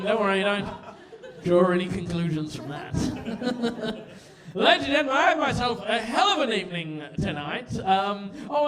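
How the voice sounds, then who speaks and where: A man doing stand-up as the evening's compere, loud and theatrical. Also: high-pitched. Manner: loud, excitable, theatrical outbursts. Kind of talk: stand-up comedy.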